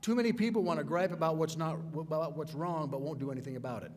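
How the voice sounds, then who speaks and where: A man delivers a commencement speech in a slightly high voice, pressing each point with emphatic, repeated refrains. His voice rings with the long reverb of a large hall over a faint hum of noise. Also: quick pace, darkish tone. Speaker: commencement speaker. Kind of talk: ceremonial speech.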